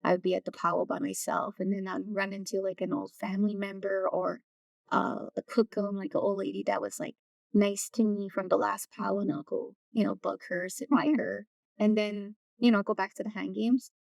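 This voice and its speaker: A woman, a community knowledge keeper, speaking softly in an interview and searching for her words. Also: mid-range voice, little pitch movement, moderate pace, vocal fry, dry recording. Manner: soft-spoken, searching for words. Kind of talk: casual interview talk. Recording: distant mic, dry room.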